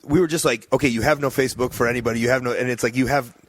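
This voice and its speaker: A man's voice: mid-range voice, fairly even intonation, very fast, no echo. A man hosting a casual podcast interview, talking bluntly and teasingly, swearing freely and rambling. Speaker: podcast host.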